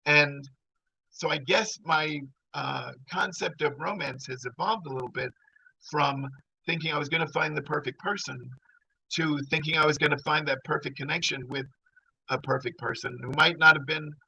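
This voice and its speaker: A man's voice: on the high side, steady tone, normal speed, creaky, bright, forceful tone, slight background noise, rough recording. A middle-aged man telling a personal story in a rambling, conversational way. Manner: rambling, conversational, full of fillers.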